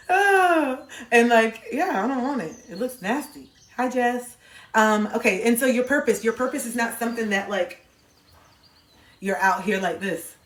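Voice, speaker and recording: A woman hosting a casual livestream chat, playful and animated, now and then breaking into silly sound bits. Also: a little high, normal speed. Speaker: livestream host talking to chat. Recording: echoey room.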